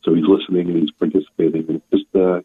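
A man's voice: low-pitched, flat delivery, fast talker, slightly rough, no room sound. An older man from Maryland calling in to a radio show, heartfelt and hesitant, telling a story with emotion. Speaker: radio caller. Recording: tinny phone line.

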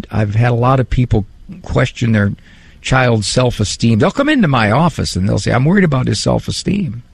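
A man who is a psychologist, giving a casual talk on parenting and faith, animated and fond of mimicking voices for humor. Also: medium pitch, gravelly, no echo. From Italian heritage.

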